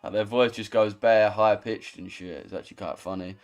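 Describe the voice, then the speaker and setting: Young guy live streaming, cusses a lot, roasts his chat, low-ish normal voice, quiet music under it. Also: steady tone, brisk. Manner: swearing, banters with chat. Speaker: trading streamer. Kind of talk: casual live-stream chat reading comments.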